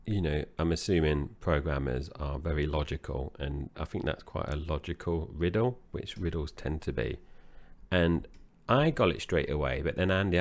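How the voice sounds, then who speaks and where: A man co-hosting a film review podcast, recapping the plot in a relaxed, loose conversational way. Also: very deep voice. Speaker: podcast co-host. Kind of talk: casual movie review chat.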